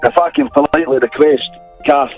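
A man's voice: a little high, steady tone, fairly quick, faint music behind. A man with a Scottish accent calling in to a radio show, chatty and working in "right?" as he tells his story. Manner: chatty, keeps adding "right?". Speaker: caller, taxi driver. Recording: husky lo-fi phone line.

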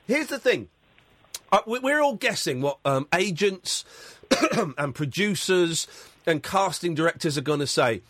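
Male phone-in host, high and animated, emphatic and repetitive; dry studio sound. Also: a little slow, dry recording. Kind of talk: phone-in talk radio. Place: radio studio. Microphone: studio mic.

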